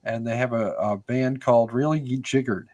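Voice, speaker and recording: A man's voice: medium pitch, fairly even intonation, normal speed, warm tone. An older American man talking as a podcast guest, rambling casually with many fillers and restarts. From United States. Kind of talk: casual conversational storytelling.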